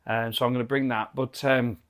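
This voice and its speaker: A man's voice: mid-range voice, little pitch movement, fairly quick. A British man giving a chatty, enthusiastic and rambling beer review from his garden cabin bar. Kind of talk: casual video review.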